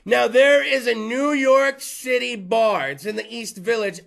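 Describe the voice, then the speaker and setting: A man in his thirties hosting a rowdy live show at a bar. He talks loud and crude and rambles on with the crowd, in a very high, bright voice with some gravel in it. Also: measured pace. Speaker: host. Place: bar or venue with a live audience.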